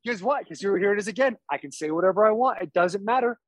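A man's voice: high voice, expressive, fast, no echo, low-quality recording. A young man, a pro football player, chatting as a podcast guest in a boisterous, laid-back storytelling way. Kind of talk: casual podcast chat.

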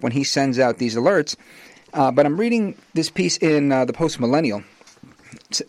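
A man hosting a talk radio show as a fill-in, energetic and promotional in a conversational way. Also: on the high side, no echo.

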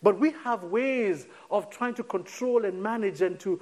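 A male preacher with a high, bright voice delivers a sermon in a church hall. He sinks to a soft hush on key words and slows down for weight, then lifts his voice again. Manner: preaching with dramatic drops to a near hush and sudden lifts; slows right down on key phrases. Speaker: pastor.

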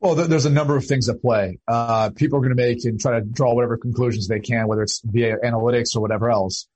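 Husky-voiced man breaking down football. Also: medium pitch, steady tone, a little mellow, poor audio. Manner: measured, explanatory, many uh fillers. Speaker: football analyst guest. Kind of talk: casual analytical talk.

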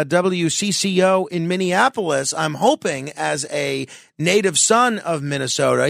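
A man hosting a late-night radio interview show, talking in a halting way with lots of fillers and restarts. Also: high voice, vocal fry, fairly bright tone, dry recording, studio quality.

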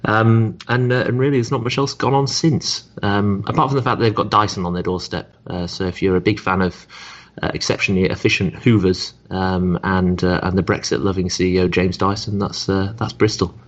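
A man's voice: sits low, steady tone, brisk, lo-fi sound. An English man in his thirties co-hosting a podcast, wry and dismissive, rambling with many fillers. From England. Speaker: podcast co-host. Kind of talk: casual chat.

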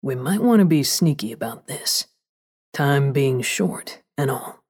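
A woman puts on a deep, slightly breathy young man in this audiobook. He is relaxed and sincere, a helpful partner who speaks plainly. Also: measured pace, full character voice. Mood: easygoing. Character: laid-back, eager-to-help young man. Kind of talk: audiobook character voice.

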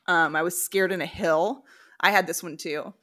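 A woman's voice: fairly low pitch, steady tone, moderate pace, sharp tone. A woman hosting a podcast, reading listener stories aloud and then chatting candidly with her guest. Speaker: podcast host. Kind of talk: casual podcast conversation.

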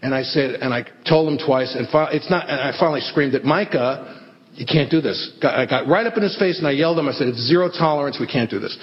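A middle-aged man doing stand-up storytelling, self-deprecating and animated. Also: medium pitch, fast talker, hardly any pauses. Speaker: stand-up comedian. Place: theater stage before an audience. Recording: echoey hall, dull lo-fi sound, faint hiss.

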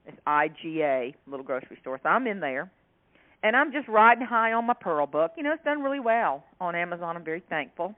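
A woman's voice: lowish voice, brisk. Laughing woman humorist on a phone line. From South Carolina, US. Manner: animated, laughing storyteller. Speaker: author and humorist guest. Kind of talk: storytelling interview chat.

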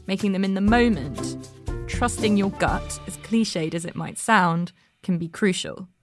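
A woman hosting a podcast, reading scripted narration and asking interview questions in a measured, reflective way. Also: medium pitch, soft background music. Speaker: podcast host.

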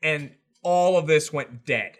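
A podcast co-host with a shaved head tells a story in a casual chat, his voice a little high and his delivery slow. He's animated, swears a lot, and acts out the quotes.

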